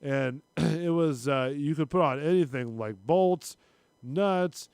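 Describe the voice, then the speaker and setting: A man co-hosting a casual podcast, relaxed and teasing, laughing along with the others. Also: a little high, slow pace, gravelly, smooth, no room sound, studio quality. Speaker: podcast co-host. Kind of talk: casual chat.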